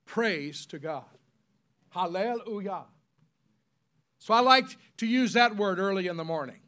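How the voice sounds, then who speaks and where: High-voiced man preaching with emphatic rises. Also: smooth. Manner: spells words out slowly, leads congregation call-and-response; rises to loud emphatic peaks, drops to soft solemn tones. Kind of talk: sermon.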